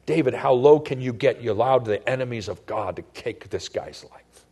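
Husky-voiced man preaching conversationally. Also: medium pitch, expressive, normal speed. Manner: conversational preaching, swings between loud emphasis and hushed tones. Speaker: pastor. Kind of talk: sermon.

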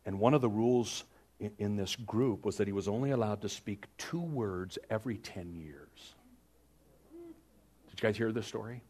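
A man's voice: moderate pace, husky. A man preaching a sermon, telling stories and acting out grumbling people in raised voices. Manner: lively storytelling preacher, acts out complainers in higher voices. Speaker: pastor.

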